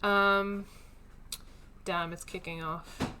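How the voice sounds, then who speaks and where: A woman's voice: mid-range voice, flat delivery, extremely slow, background noise. A woman streaming a story game, chatting casually and thinking aloud with lots of fillers. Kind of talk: casual let's-play commentary.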